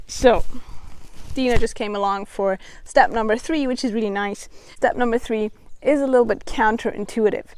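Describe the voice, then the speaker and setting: A woman mental coach giving step-by-step advice in a calm, encouraging vlog. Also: fairly high pitch, no echo.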